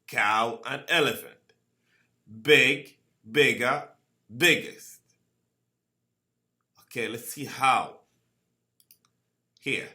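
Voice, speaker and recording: A man teaching a grammar lesson. He speaks slowly, repeats each word and keeps asking "okay?". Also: medium pitch, bright, forceful tone. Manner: slow, repeats words and asks "okay?" often. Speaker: English teacher.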